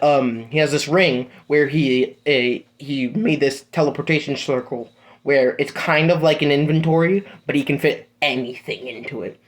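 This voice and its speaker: Young man, casual storyteller, rambling, filler-heavy, swearing, slightly high voice. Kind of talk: casual improvised fan-fiction storytelling.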